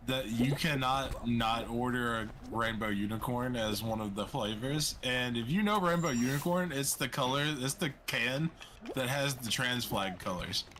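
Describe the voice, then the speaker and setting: A man's voice: medium pitch, moderate pace, a bit bright. A man calling into a livestream, telling an anecdote in a chatty, hesitant way full of fillers. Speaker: caller. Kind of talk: casual chat.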